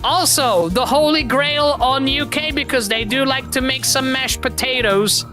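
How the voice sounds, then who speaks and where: High-voiced playful woman streaming over music. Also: a little slow. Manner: loud, playful, laughing, swears freely. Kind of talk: live game stream commentary.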